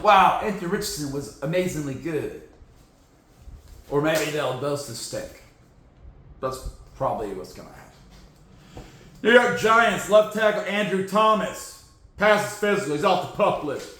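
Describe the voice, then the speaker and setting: Guy with a high voice riffing sarcastically on football news, echoey room. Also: a bit bright. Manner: sarcastic, joking, mocks teams with silly sound effects. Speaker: podcast host. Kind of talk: casual sports news commentary.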